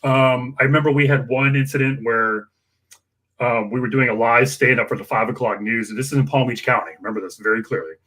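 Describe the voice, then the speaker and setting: A man telling campaign stories in casual chat, animated and full of acted-out quotes. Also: fairly quick. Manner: animated, acts out quoted dialogue with big pitch jumps. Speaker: political campaign staffer and guest storyteller. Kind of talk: casual conversational storytelling.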